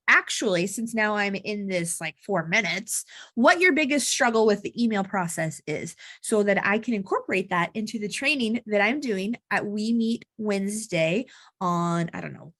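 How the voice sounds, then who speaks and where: A woman marketing coach gives casual, talking-head vlog advice to camera, chatty and blunt with frequent asides. Her voice is medium-pitched with a sharp tone, recorded with clean studio sound and no echo.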